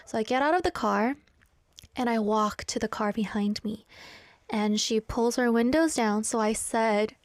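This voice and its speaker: A young woman hosts a radio show in a casual, chatty way. Her voice sits a little high and the studio sound is dry and close. She tells stories with animated bursts when quoting people. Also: a little slow, no room sound. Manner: animated storyteller, acts out quotes in high bursts. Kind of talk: casual radio chat, storytelling. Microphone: studio microphone.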